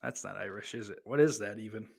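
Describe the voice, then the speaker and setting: A man's voice: on the low side, fast, gravelly, darkish tone, husky. A man with a Southern accent hosting a podcast, reading listener comments and riffing in a profane, rambling, sardonic way. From New York. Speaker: podcast host.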